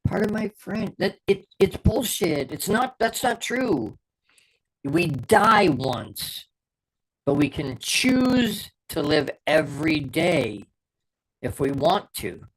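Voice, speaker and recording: A man's voice: fairly high pitch, sing-song, slow, fairly bright tone, husky, rough recording. A middle-aged man hosting a podcast, giving a fervent motivational talk as a performance coach and repeating key words for emphasis.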